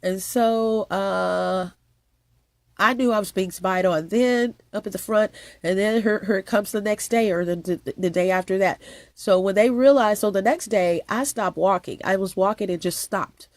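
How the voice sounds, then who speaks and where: Woman vlogger, stuffy nose, gravelly rambling monologue, dry close sound, emphatic and repetitive. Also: medium pitch, moderate pace, darkish tone, no echo. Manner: repetitive, emphatic, with frequent restarts. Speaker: channel host.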